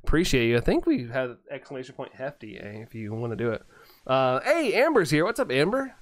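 A man's voice: mid-range voice, sing-song, a little fast. A man live-streaming a game, chatting casually, reading viewer messages aloud and chuckling often. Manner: laid-back, chuckles often, greets chatters by name.

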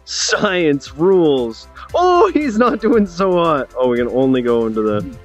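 Young man, streamer, excitable, jokey, lively pitch, faint music. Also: moderate pace, muffled recording. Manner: excitable, jokey, loud reactions. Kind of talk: casual game commentary.

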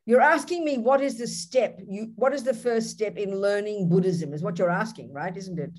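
A woman with an Australian accent, a Buddhist nun teaching and answering questions on a video call in a direct, animated way. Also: mid-range voice, normal speed. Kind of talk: dharma teaching with Q&A.

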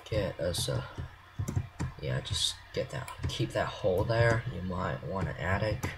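A man's voice: low-pitched, lively intonation, a little slow, low-quality recording. A man rambling self-consciously in casual commentary while he builds in a game. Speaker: game creator. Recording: clear mouse clicks and typing.

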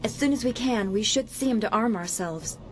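Woman playing an earnest young warrior student, game role, higher voice. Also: fairly quick, faint music behind, lightly acted. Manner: earnest, respectful. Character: earnest young female martial arts student.

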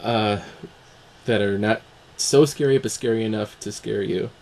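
A young man hosting a casual podcast, talking in a relaxed way with plenty of fillers. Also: on the low side, a little slow. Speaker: host. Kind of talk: podcast intro and casual chat.

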